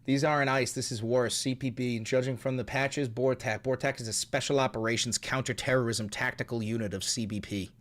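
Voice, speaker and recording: A man's voice: medium pitch, steady tone, fairly quick, hardly any pauses. A man streaming live, giving sarcastic, profane commentary while reacting to posts and videos.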